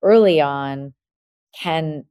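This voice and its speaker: Give a woman podcast host with a very low voice, recorded close and dry. She talks in a reflective way and works her thoughts out aloud with her guest. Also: drawn-out words, dark tone, clear, resonant tone, no room sound. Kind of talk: conversational interview.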